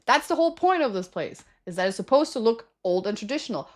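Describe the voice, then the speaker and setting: A woman's voice: on the high side, sing-song, fast, hardly any pauses. A young woman streaming and chatting casually with viewers, giggling often and ranting with plenty of swearing. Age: young adult.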